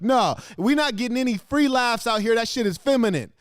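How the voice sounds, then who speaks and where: A man with a high, lively voice mocks the clips he reacts to, brash and crude, firing off insults. His voice is close and dry, with no room sound at all. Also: fairly quick, dry recording. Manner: brash, mocking, crude insults with sudden laughs. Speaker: host. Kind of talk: profane reaction commentary on video clips. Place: studio.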